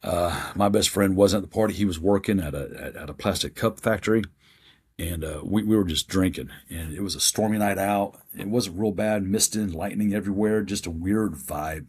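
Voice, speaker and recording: A man in his fifties with a deep, very husky and raspy voice. He speaks as a podcast guest, telling his story in a plain-spoken, earnest way. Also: normal speed, a little mellow. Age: 50s.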